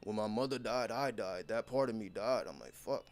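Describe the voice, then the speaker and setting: In a fairly quick, lowish voice, a man who makes content speaks straight to his viewers. His unscripted motivational monologue is intense, blunt and packed with profanity.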